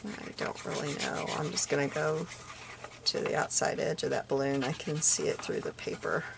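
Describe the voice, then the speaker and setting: A woman's voice: sits low, moderate pace, vocal fry, background noise. A woman chatting casually while she makes paper crafts, muttering little asides to herself as she works. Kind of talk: casual crafting tutorial chat.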